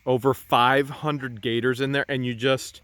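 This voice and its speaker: A man hosting an outdoor vlog by a swamp, excitable and often dropping to a hushed whisper. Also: mid-range voice, measured pace, clear, resonant tone, dry recording. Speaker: vlog host.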